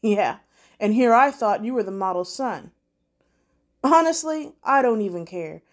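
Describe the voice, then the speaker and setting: A woman's voice: mid-range voice, animated, unhurried, close to an everyday voice. A woman voicing a cocky young male street dealer who mocks and orders others around. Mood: mocking. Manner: cocky, mocking, bossy.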